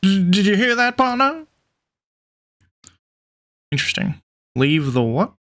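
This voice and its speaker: A man's voice: sits high, big pitch swings, measured pace, a bit bright, exaggerated voice. A man voicing an eager male bird reporter in a game, friendly and jumpy, who keeps calling the listener partner. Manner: upbeat, calls listener partner.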